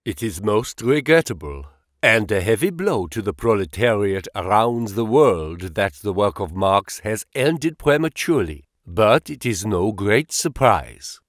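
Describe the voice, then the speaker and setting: A man voicing an elderly German gentleman who speaks earnest, humble English with a German accent in a low, grave tone. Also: expressive, a little slow, no room sound, clean studio sound. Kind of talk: audiobook character voice.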